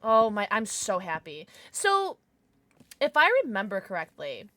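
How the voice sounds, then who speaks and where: A woman streaming a game live, chatting with her viewers in an excitable, gushing way with frequent squeals. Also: mid-range voice, unhurried, no echo.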